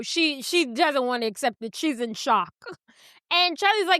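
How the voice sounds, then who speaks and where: A woman's voice: high voice, lively intonation, a little slow, pushed and bright, dry recording, clean studio sound. A woman co-hosting a podcast, recapping a movie in casual chat and acting out the characters' lines as she goes. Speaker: podcast co-host.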